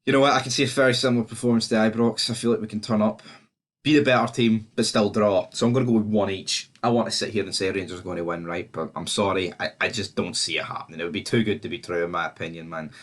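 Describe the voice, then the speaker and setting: A man's voice: fairly low pitch, quick pace. A man with a Scottish accent giving a casual, sweary football match preview on his vlog. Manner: sweary and animated, fan talk. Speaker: football fan vlogger.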